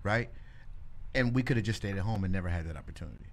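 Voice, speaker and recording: A man's voice: deep voice, fast talker. A man speaking as a guest in a casual faith conversation, telling a story animatedly and acting out the voices of the people in it. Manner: animated storyteller who acts out quoted voices.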